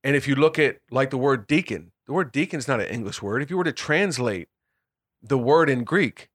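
A man's voice: medium pitch, animated, brisk, fairly bright tone, no echo. Man leading a casual Bible discussion, dry sound. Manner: explaining, repeats and restarts words, breaks into laughs. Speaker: Bible study leader.

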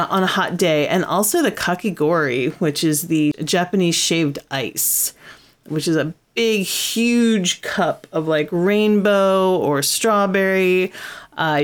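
A chatty woman co-hosting a relaxed conversation. Her voice sits fairly low for a woman, and she fills her talk with ums and likes as she goes. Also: slow pace, clean tone. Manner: chatty, with frequent fillers and laughs. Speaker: podcast co-host. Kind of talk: casual chat.

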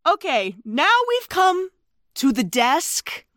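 A woman podcast host recapping a film in casual chat, animated and emotional. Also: high-pitched, takes it slowly, no room sound, clean studio sound.

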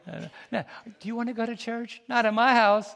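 A man preaches in a high, lively voice, throwing questions back to his congregation and laughing between homespun stories. His words ring out with the long reverb of a church sanctuary. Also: fairly quick, creaky. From United States. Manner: animated, preachy call-and-response with the congregation; laughs between stories, folksy colloquial speech. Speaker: pastor. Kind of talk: sermon.

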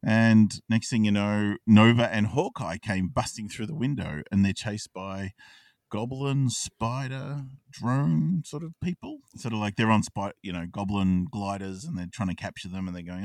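Man, low voice, casual podcast recap, acts out character lines, dry, a bit off-mic. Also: no room sound, far from the mic. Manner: animated, acts out lines of the characters in quick asides. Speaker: podcast co-host. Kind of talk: casual chat retelling a cartoon episode.

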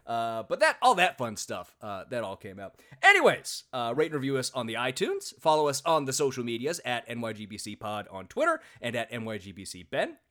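Male podcast host, bright forceful tone, rambling friendly chatter with fillers. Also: medium pitch, very animated, a little fast, hardly any pauses. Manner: chatty, self-deprecating, lots of filler words. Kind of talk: casual podcast chat.

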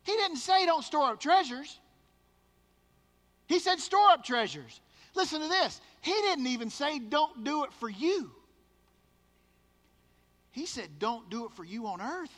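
A man's voice: very high-pitched, big pitch swings, measured pace, pauses often, a bit bright, long reverb tail. A man preaching a sermon as pastor, emphatic and repeating words for stress.

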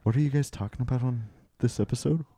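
A male podcast host in a casual comedic chat, excitable and laughing often, quick to push back on the others. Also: mid-range voice, husky, no echo, studio quality.

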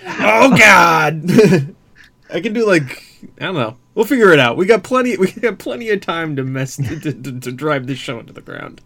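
A man co-hosting a gaming podcast, giggly and excitable. His fairly high voice swings up and down a lot. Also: fairly quick. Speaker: podcast co-host. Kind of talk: casual chat.

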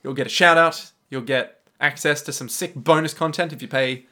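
Podcast co-host, male, somewhat high-pitched, playful, keeps dropping into quick character voices. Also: steady tone, sharp tone. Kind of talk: casual chat.

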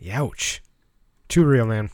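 A man's voice: on the low side, slow, a little mellow. A man co-hosting a podcast, with a dry, sarcastic manner in casual chat. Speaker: podcast co-host.

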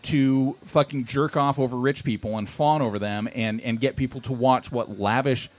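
A man's voice: medium pitch, steady tone, moderate pace. A man ranting in casual podcast chat, profane and sarcastic. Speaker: podcast panelist.

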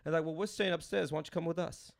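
A man in his thirties from Los Angeles, a comedian hosting a podcast, telling a rambling story with animated energy and laughing as he goes. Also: a little high, rapid-fire, vocal fry. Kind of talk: casual storytelling chat.

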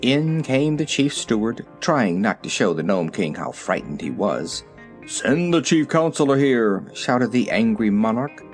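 A man narrating a children's storybook in an expressive, animated way. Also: on the low side, a little slow, few pauses. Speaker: reader. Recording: soft background music.

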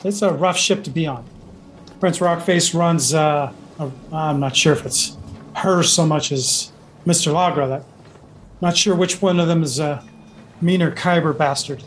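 GM voicing scruffy male dwarf sailor with an eye patch; slow, gruff, a touch lower pitched; tabletop game. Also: a little hiss or hum, close to an everyday voice. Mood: grumbling.

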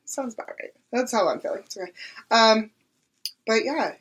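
A young woman co-hosting a podcast in casual chat, gushing and laughing often, with a husky voice. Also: a little high, expressive, normal speed. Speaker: podcast co-host.

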